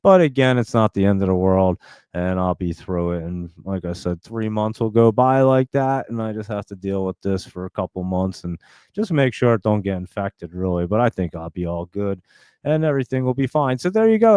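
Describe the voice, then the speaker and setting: A man's voice: fairly low pitch, moderate pace, darkish tone, clean tone, no echo. A man hosting a live stock trading stream, chatting in a loose, rambling way with casual swearing and plenty of fillers.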